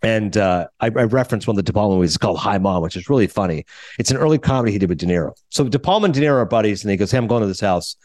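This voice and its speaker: A man co-hosting a talk show, retelling interviews in a quick, animated casual chat and acting out quotes in higher voices. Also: no room sound, clean studio sound. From New Jersey. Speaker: radio show co-host.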